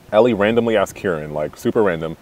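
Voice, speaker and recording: A young man recapping a reality show in a chatty, catty way, full of "like" fillers and laughter. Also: fairly low pitch. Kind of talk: casual gossipy recap.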